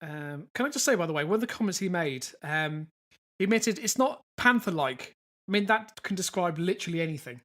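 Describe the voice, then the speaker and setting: A man's voice: sits high, animated, fairly quick, a bit bright. A man co-hosting a casual comedy podcast, dry and sceptical, swearing casually now and then. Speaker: podcast co-host.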